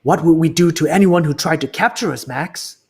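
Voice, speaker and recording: A man's voice: on the high side, a little fast, breathy edge. A man reading a storybook aloud and voicing a boastful, sly male art thief in a raised, sneering voice.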